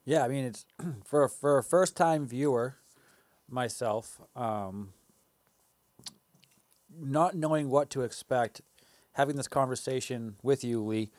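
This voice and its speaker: A man's voice: medium pitch, slow pace, long pauses, a little mellow, dry recording. A man co-hosting a podcast, chatting casually with a dry, teasing humor. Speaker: podcast co-host. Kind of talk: casual chat.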